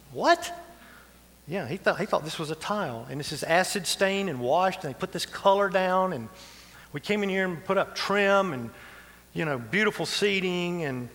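In a church sanctuary, a pastor with a high, fairly bright voice delivers a folksy, conversational sermon, dropping in asides and chuckles. The hall's long reverb carries through the recording.

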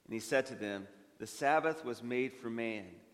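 A man of the clergy reading the gospel aloud in a church service, measured and expressive. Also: mid-range voice. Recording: long reverb of a church hall.

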